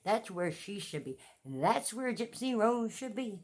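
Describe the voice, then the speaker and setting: A middle-aged woman rants through a commentary vlog, her pitch swooping up and down with lots of life. She takes her time over each phrase, drawing the words out. She swears freely and hammers her points home by saying them twice. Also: sing-song, measured pace. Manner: profane, repetitive and emphatic. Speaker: true-crime commentary vlogger. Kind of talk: ranting commentary.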